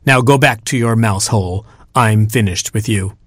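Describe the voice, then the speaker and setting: A man's voice: lowish voice, a bit bright, no echo, clean studio sound. A man doing a haughty sheep starlet. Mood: dismissive. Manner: haughty, dismissive, drawn-out delivery. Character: vain female sheep film star, sharp-tongued.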